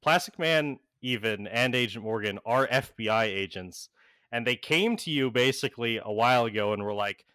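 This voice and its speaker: A man's voice: mid-range voice, normal speed, bright, forceful tone, smooth, no echo. A man narrating a tabletop role-play game as game master, rambling and full of filler words.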